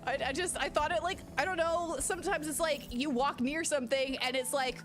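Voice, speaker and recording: A woman streaming a video game in casual, profane chat, swinging between low mutters and excited shouting over game music. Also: normal speed, hardly any pauses. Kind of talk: casual let's-play chat. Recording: game music playing behind.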